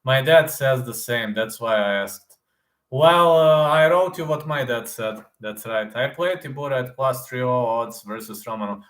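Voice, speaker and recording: Guy ranting about fights, keeps repeating himself, showing moves, echoey room. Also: medium pitch. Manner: excitable, repeats phrases, demonstrates fight moves. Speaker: MMA news reaction host. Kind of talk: casual reaction commentary.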